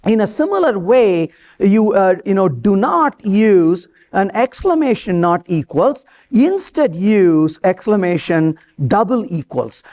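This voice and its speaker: A man giving a live technical talk at a conference, lively and joking, asking the audience questions. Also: high-pitched. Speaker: conference speaker. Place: conference hall before an audience.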